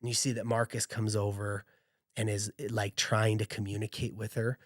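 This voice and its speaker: A man's voice: fairly low pitch, level tone, normal speed, dry recording, studio quality. Man narrating a tabletop game. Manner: descriptive, loose with fillers. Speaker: game master.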